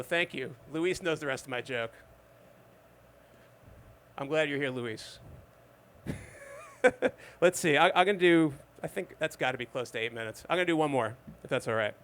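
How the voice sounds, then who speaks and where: A fifty-year-old man does stand-up at a live open mic in a bar. His voice sits a little high and comes through clean and smooth. He tells his stories in a dry, conversational way and keeps checking in with the crowd. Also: animated, moderate pace, pauses often, a bit bright. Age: 50s. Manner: dry, conversational storytelling with asides to the audience. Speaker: stand-up comedian. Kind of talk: stand-up comedy set.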